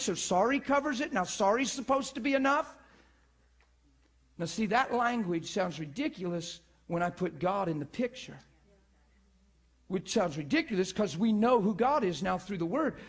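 A man preaching to a church class in an animated way, often restarting words and checking in with his listeners. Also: high voice, normal speed, husky. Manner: animated, repetitive, checks in with the audience. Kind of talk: sermon.

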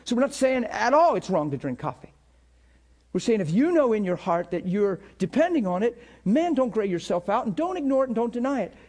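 A middle-aged male pastor preaching a sermon with passion, dropping to near whispers and rising to shouts. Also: sits high, big pitch swings, a little fast. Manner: impassioned preaching that swings between hushed and shouted.

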